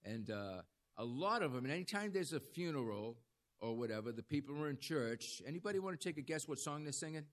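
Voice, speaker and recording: A man's voice: medium pitch, expressive, a little fast. Folksy preacher man calling for amens. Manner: folksy storytelling, calls for amens. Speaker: jail ministry preacher. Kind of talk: conversational sermon.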